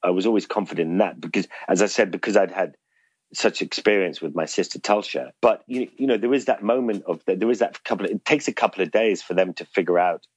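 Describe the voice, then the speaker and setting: A man's voice: deep voice, fast talker, husky, dry recording, lo-fi sound. A middle-aged man telling a rambling, self-deprecating story in an interview, laughing often. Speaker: interview guest. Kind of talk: casual anecdotal storytelling.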